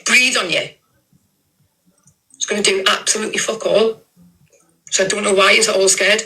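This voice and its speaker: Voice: mid-range voice, steady tone, moderate pace, bright, forceful tone, poor audio. A livestream guest, talking bluntly and dismissively in casual chat, swearing freely.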